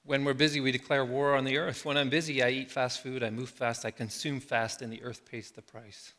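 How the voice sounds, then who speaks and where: A man's voice: mid-range voice, little pitch movement. Reflective middle-aged man preaching in a hall. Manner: reflective, slow with soft trailing endings. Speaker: pastor. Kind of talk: sermon. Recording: long hall reverb.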